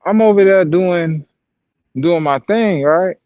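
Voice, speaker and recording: A man's voice: high-pitched, takes it slowly, smooth, no echo, muffled recording. A man co-hosting a podcast, telling a long profane story in casual chat. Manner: profane, animated storytelling with acted quotes. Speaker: podcast co-host and sideline broadcaster.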